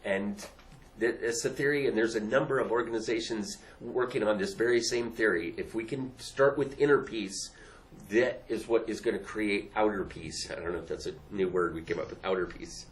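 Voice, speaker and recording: A man's voice: lowish voice, moderate pace, poor audio. A man hosting a talk on emotional skills, speaking in an earnest, repetitive way and laughing lightly between points. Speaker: host. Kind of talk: casual explanatory talk.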